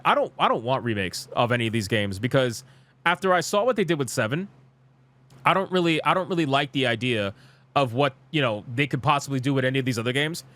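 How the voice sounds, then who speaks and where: A man's voice: medium pitch, fairly bright tone. A young man streaming live, reacting to gaming news and reading comments aloud in a blunt, exasperated, profane rant.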